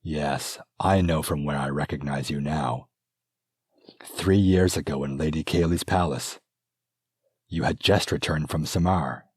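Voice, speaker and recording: A man's voice: extremely low pitch, a little slow, darkish tone, slightly rough, dry recording, clean studio sound, exaggerated voice. A man reading an audiobook, voicing a loyal knight who speaks in an earnest, deferential way.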